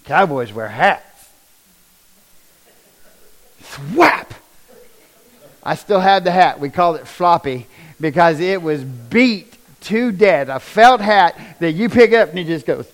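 A man's voice: a little high, a little slow, poor audio. Folksy man telling a story. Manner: animated, down-home storyteller with rising bursts of emphasis. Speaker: speaker sharing a personal testimony.

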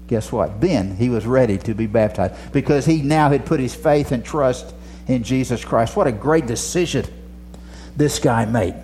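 A man preaching a sermon, telling stories dramatically and dropping from loud passages to a near whisper. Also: mid-range voice, normal speed, a little hiss or hum.

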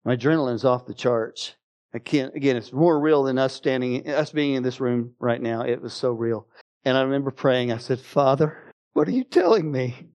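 A middle-aged man preaching a sermon in a church, telling a personal story with bursts of loud exclamation and quiet, low passages. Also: fairly even intonation, normal speed. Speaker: pastor. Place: church sanctuary.

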